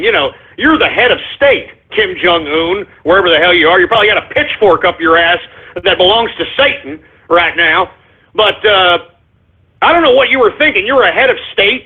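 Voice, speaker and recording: A man's voice: high-pitched, slightly rough. Brash, profane talk radio host man. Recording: tinny phone-like internet radio audio.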